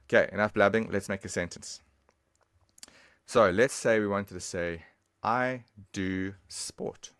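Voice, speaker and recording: A man's voice: on the low side, fairly even intonation, normal speed, pauses often, a bit bright, no room sound. A man giving a casual, chatty online language lesson, talking straight to the viewer. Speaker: language teacher.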